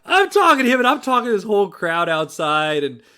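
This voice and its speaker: A man's voice: sits high, very animated, brisk, bright, forceful tone. A young man co-hosting a podcast, telling rowdy stories in a casual chat and acting out the dialogue in different voices. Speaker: podcast co-host.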